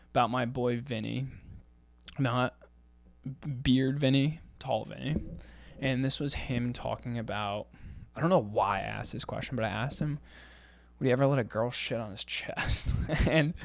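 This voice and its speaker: A man's voice: medium pitch, a little slow, creaky, pauses often, no echo. A young man hosting his own show, reading comments aloud in casual chat and getting heated, swearing bluntly. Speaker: podcast host.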